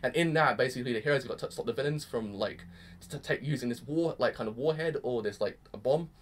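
A young man casually reviewing an anime episode, excitable and gushing, peppering his talk with "freaking". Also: mid-range voice, fast talker.

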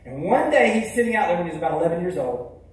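A man tells a motivational story from the stage, high-voiced for a man. He hits some lines hard and drops others to a hush. The sound is echoey, like a big hall heard from far off. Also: very animated, very fast. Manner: emphatic, swings between loud punches and hushed lines. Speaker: keynote speaker. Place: large hall.

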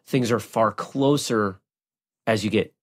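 A man hosting a podcast interview, asking measured, reflective questions. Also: lowish voice. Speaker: podcast host.

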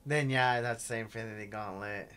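A man's voice: fairly low pitch, normal speed, pushed and bright, smooth. A man co-hosting a comics podcast in casual chat, laid-back and agreeable. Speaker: podcast co-host.

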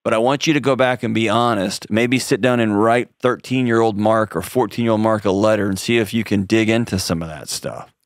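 Earnest low-voiced male advice host. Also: no room sound, studio quality. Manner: earnest, direct coaching with pauses and restarts. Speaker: call-in show host. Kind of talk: advice call-in talk.

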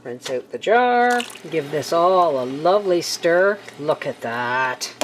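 Low-voiced, homey woman cooking. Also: lively intonation, slow pace, noisy background. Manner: chatty and homey, talking to viewers while cooking. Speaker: homestead cooking vlogger. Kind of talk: casual cooking narration. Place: home kitchen.

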